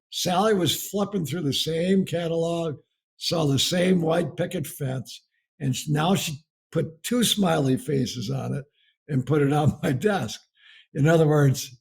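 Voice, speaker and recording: A middle-aged American man delivers a folksy storytelling sermon about marriage, laughing through his story as he goes. His voice is fairly high and a little slow, husky and darkish, with vocal fry.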